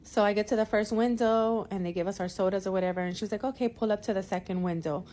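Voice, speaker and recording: A woman at a middle pitch rants through a long storytime, swearing freely. She circles back on herself with "whatever" and "you know" as she vents about her outing with her kids. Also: fast talker. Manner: animated, profane, rambling with many fillers. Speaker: mother venting in a clip. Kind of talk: ranting storytime. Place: California.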